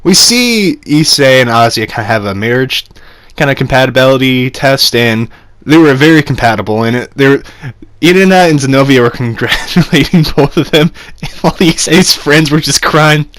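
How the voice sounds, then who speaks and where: A man's voice: mid-range voice, lively intonation, moderate pace, fairly bright tone, no room sound. A young man casually reviewing an anime episode, rambling with fillers and frequent laughs.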